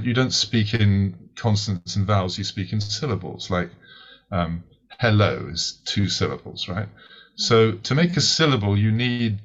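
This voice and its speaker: A man's voice: lowish voice, fairly bright tone. A British man, a podcast guest and author, explains ideas in a lecturing way, often checking in with "right?" and repeating words as he starts sentences. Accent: British English. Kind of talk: explanatory interview answer. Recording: muffled lo-fi audio.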